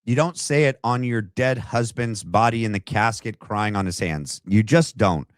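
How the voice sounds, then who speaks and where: A man's voice: on the low side, moderate pace, no room sound. A man hosting a podcast, reacting to a clip in casual commentary, mocking and sarcastic, slangy and full of fillers. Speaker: podcast host.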